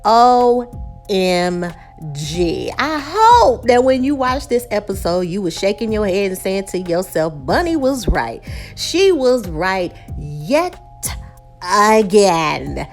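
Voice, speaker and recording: Animated woman recapping reality TV. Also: medium pitch, slow pace, faint music behind. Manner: animated, dramatic, acts out quotes. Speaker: recap and review vlogger.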